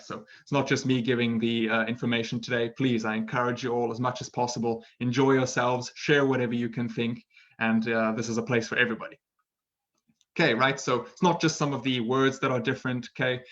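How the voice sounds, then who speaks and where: A British English teacher gives a relaxed online lesson in an ordinary mid-pitched voice. He is chatty and encouraging, repeatedly checking in with listeners, and the audio sounds a little dull and lo-fi.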